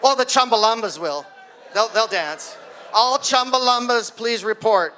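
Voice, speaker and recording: A man in his sixties, with a very high-pitched and unhurried voice, tells a stand-up story at his own birthday party. He acts out the screams and voices of the people in the tale with animated energy. Guests fill the party hall around him.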